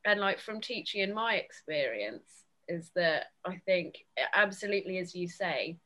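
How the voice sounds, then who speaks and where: Woman, teacher, low-set but bright voice, measured and reflective. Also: lively intonation. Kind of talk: casual conversation.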